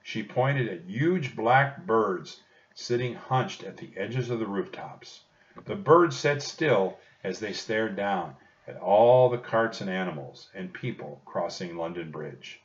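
A man narrating a children's storybook audiobook in a slow, expressive storytelling manner. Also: fairly low pitch. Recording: dull distant recording.

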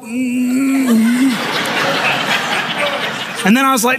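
A man's voice: very high voice, lively intonation, measured pace, long pauses, fairly bright tone. A male pastor delivering a sermon, telling stories with humorous asides and acting out the voices of the people he quotes.

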